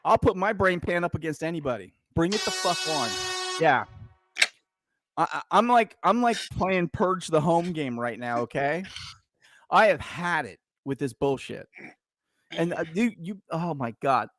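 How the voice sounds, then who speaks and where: A man's voice: a little high, animated, unhurried, background noise. Fired-up, foul-mouthed middle-aged man ranting. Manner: heated, profane, shouting rant. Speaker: podcast co-host, veteran. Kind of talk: casual podcast rant.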